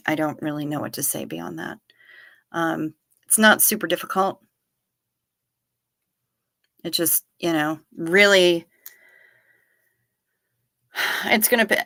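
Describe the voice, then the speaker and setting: Chatty woman streamer rambling thru a story, bright voice, dry close sound. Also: fairly low pitch, dry recording. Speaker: livestream host. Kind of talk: casual chat with live chat.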